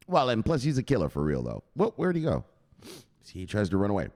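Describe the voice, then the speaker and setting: A man hosting a crypto news livestream, chatting with viewers in a loud, profane, excitable way. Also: fairly high pitch, normal speed. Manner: profane, excitable, shouting "bang!" often.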